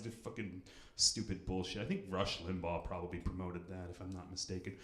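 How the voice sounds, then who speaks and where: A man's voice: fairly low pitch, flat delivery, brisk, roomy sound. A male comedian hosting a crowd work stand-up set, riffing in a profane, rambling way. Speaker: comedian host.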